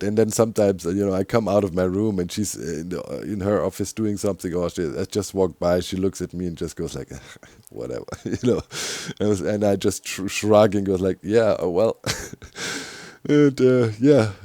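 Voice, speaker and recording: Middle-aged man, German accent, deep-ish and tired, chuckling gaming commentary, dry close mic. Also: moderate pace, dark tone, no room sound. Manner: rambling, chuckling often, many fillers. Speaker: gaming YouTuber.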